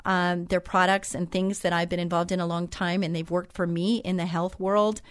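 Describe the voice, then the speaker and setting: A woman's voice: lowish voice, flat delivery, moderate pace, clear, resonant tone, no echo, studio quality. Chatty, encouraging woman hosting a faith show. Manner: chatty, encouraging, wanders off into personal stories. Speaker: host. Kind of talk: Christian talk show monologue.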